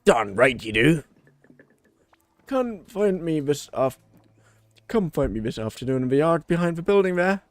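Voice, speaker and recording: A man's voice: on the high side, sing-song, measured pace, pauses often, dry recording, pitched above the performer's own voice. A man voicing a blunt, demanding male worker in a game. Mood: gruff. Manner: blunt, bossy.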